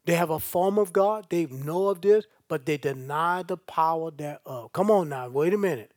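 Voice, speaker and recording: A man's voice: fairly high pitch, moderate pace, darkish tone, dry recording, clean studio sound. A male pastor, preaching a sermon and reading scripture aloud with asides to the congregation.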